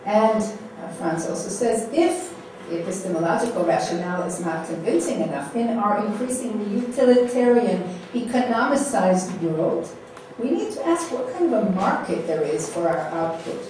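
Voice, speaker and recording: A middle-aged woman giving a keynote academic lecture, measured and posing rhetorical questions to the audience. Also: mid-range voice, a little mellow, a little hiss or hum. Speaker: keynote speaker. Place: lecture hall. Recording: echoey hall, distant mic.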